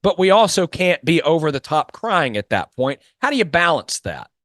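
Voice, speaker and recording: A man's voice: fairly high pitch, very animated, moderate pace, a bit bright, no room sound, clean studio sound. A man hosting a podcast interview who coaches mock trial and asks thoughtful, long framing questions. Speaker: podcast host.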